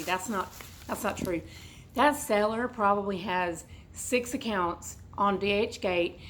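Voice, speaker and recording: A woman with a hoarse, froggy, congested voice, chatting and rambling while she unboxes a bag at home. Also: medium pitch, slow, a little hiss or hum, poor audio. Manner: rambling, chatty, goes off on tangents. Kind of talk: casual unboxing chat. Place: at home indoors.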